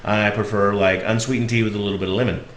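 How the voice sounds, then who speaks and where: A man with a Southern US accent telling a personal road story in a relaxed, reflective way with frequent fillers. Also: on the low side, fast, a little hiss or hum. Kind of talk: casual storytelling monologue. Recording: echoey room.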